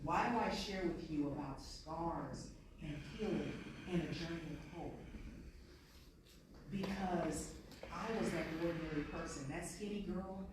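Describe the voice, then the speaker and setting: A woman's voice: low-pitched, a little slow, background noise. A woman giving an earnest, story-driven motivational speech to an audience in a large conference room. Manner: earnest, storytelling, repeats points. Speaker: keynote speaker. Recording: echoey hall from far off.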